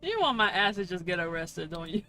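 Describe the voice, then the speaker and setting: A woman's voice: fairly low pitch, sing-song, normal speed, bright, forceful tone, soft background music. A woman streaming a game and chatting casually with her viewers, swearing freely and laughing often. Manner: profane, laughing, talks to chat. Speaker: VTuber streamer.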